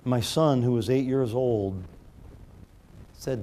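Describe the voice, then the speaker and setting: A middle-aged man preaching a sermon, telling a personal story, moving between loud preaching and quiet, hushed retelling. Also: medium pitch, takes it slowly, pauses often, slight background noise. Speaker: pastor.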